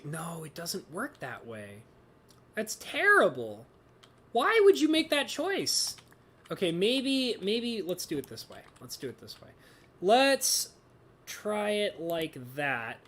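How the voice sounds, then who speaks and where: Lively low-voiced woman streamer. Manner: chatty, talks to herself, exasperated exclamations. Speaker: streamer playing a building game. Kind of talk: casual live-stream commentary.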